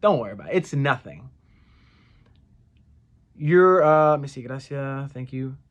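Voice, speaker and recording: A man giving a casual language lesson, repeating each phrase slowly and correcting himself with fillers. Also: medium pitch, animated, highs cut off. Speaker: Spanish phrase teacher.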